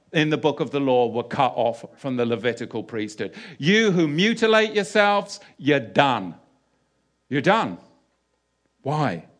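Delivering a sermon, a fairly high-voiced man swings between forceful, loud outbursts and softer passages read from scripture. His preaching is full of rhetorical questions and repetition.

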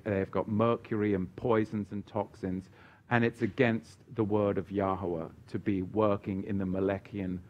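A man's voice: lowish voice, a little mellow. Emphatic male preacher, dull lo-fi audio. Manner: emphatic, chatty asides and joking. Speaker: preacher answering viewer questions. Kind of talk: livestream Bible Q&A.

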